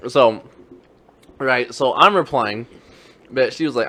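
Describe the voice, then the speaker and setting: A man's voice: mid-range voice, unhurried, pauses often, pushed and bright. A young man co-hosting a casual podcast, telling stories in slangy talk and laughing often. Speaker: podcast co-host. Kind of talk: casual chat.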